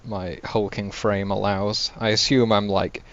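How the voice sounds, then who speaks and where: A man's voice: fairly low pitch, flat delivery, a little slow, a bit bright. A man playing in a tabletop role-play session, describing his character's actions with hesitant fillers. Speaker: player. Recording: dull lo-fi voice chat with faint hiss.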